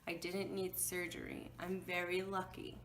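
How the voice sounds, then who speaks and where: A woman's voice: on the low side, completely flat delivery, normal speed, a bit bright, slight background noise. A young woman telling a storytime vlog, heated and emotional, swearing openly as she recounts what happened to her. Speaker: vlogger.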